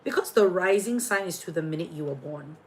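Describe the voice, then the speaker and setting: A woman's voice: on the low side, expressive, brisk, darkish tone, slight background noise, low-quality recording. A woman hosting a casual astrology and tarot livestream, chatty and playful, jumping between viewer comments.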